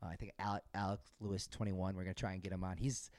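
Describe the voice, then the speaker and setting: A man co-hosting a podcast, chatting about sports in a relaxed, self-deprecating way. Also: sits low, fast, dry recording. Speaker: podcast co-host. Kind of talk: casual sports chat.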